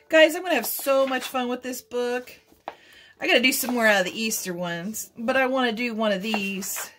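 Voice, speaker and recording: A middle-aged woman hosting a craft vlog, cooing and giggling as she unboxes gifts. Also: high voice. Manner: gushing, coos and giggles. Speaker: craft channel host.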